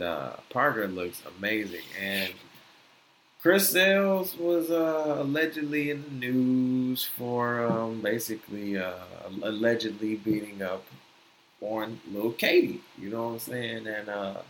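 Young male American podcast host, lower voice, loose slangy rambling delivery, light background noise. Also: steady tone, a little slow, fairly bright tone. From United States. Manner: rambling, loose slang, frequent "you know what I'm saying". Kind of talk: casual opinion talk.

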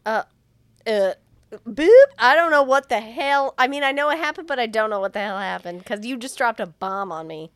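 A woman co-hosting a podcast, reacting to a movie recap with loud, joking, incredulous remarks. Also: fairly high pitch, a little fast, hardly any pauses, no echo. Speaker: podcast co-host.

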